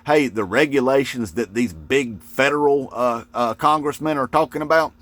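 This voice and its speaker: A man's voice: medium pitch, moderate pace, fairly bright tone. A man ranting to camera in a folksy, mocking way, with lots of "uh" fillers. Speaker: political video commentator. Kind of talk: casual rant to camera.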